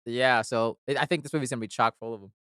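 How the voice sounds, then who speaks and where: A young man with a smooth, bright, somewhat high voice chats on a podcast. He is animated and quick to laugh. The close mic gives a dry sound. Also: no echo. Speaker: podcast co-host. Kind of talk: casual chat.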